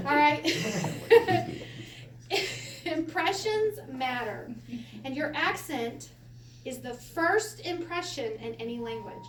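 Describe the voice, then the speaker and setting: A woman teaching a Hebrew lesson to a class, animated and quick to laugh as she acts out quotes. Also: high-pitched. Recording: echoey room from a distance, faint hiss.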